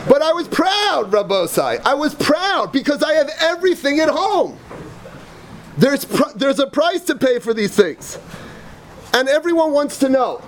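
A rabbi with a notably high voice lectures yeshiva students with emphatic, repetitive conviction. He weaves personal anecdotes into his teaching and sprinkles Hebrew and Yiddish terms through his English. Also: sing-song, a little slow, noisy background. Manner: emphatic, repeats phrases, tells personal anecdotes.

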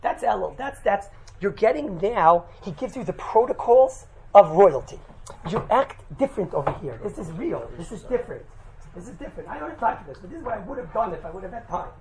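A man teaching a religious class, telling a lively anecdote with laughs and quick "right?" asides, mixing in Yiddish and Hebrew terms. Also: high-pitched, slight background noise, low-quality recording. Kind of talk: animated storytelling talk to a group.

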